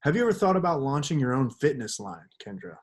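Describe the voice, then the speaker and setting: A man's voice: mid-range voice, fast talker. Guy cohosting a podcast, chatty and rambling, acts out what people said, normal middle voice. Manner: rambling, animated storyteller acting out quotes. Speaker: podcast co-host. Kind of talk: casual storytelling chat.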